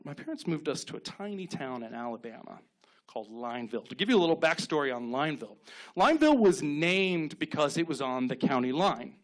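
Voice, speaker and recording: A man in his thirties performs a stand-up set on a club stage, his voice sitting a bit high for a man. He tells deadpan stories into a handheld mic and slips into quick acted-out quotes. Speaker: stand-up comedian.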